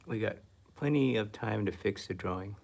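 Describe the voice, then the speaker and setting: Low, gravelly man muttering while painting. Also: moderate pace. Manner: muttering, self-critical, drifts into soft whispers. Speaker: art instructor. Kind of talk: painting demo with self-talk.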